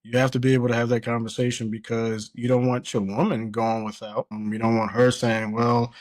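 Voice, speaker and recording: A man's voice: medium pitch, flat delivery, a little fast, darkish tone, no echo. A man co-hosting a podcast, talking earnestly and reflectively, with lots of "you know" and "like". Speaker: podcast co-host. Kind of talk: casual chat.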